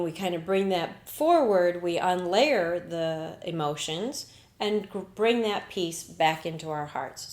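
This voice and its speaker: A woman hosting a spiritual podcast, talking in an earnest, reflective way and often slipping into quoted inner dialogue. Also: lowish voice. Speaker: podcast host. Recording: roomy echo.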